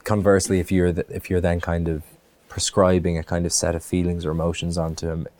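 Low-voiced Irish actor, mellow tone. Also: male voice, level tone, a little fast. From Ireland. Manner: thoughtful, many restarts and fillers. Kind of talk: interview answers.

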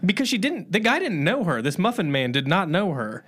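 A man's voice: sits high, a little fast. A young man from the US Midwest, co-hosting a podcast, chatting casually and reacting with amused disbelief. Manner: animated, incredulous. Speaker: podcast co-host. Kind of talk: casual chat.

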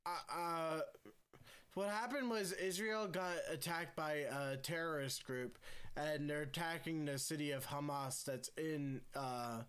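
A man's voice: fairly high pitch, steady tone, measured pace, fairly bright tone, clear, resonant tone. A young man co-hosting a podcast in casual chat, joking and teasing his co-hosts. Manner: joking, teasing, loose with facts. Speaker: podcast co-host.

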